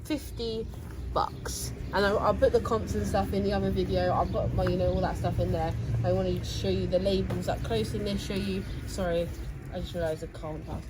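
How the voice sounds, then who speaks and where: A woman's voice: medium pitch, fairly even intonation, moderate pace, noisy background. A woman chatting casually in a haul video, enthusiastic as she shows her finds indoors at home. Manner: chatty, enthusiastic, showing items. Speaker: reseller vlogger, co-host.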